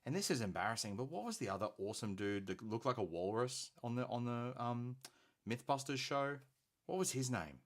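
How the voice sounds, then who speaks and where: A man chatting casually while he paints on a live stream. His delivery is easygoing and jokey, and his pitch moves in a lively, animated way. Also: a little fast. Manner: laid-back, jokey banter. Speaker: streamer host.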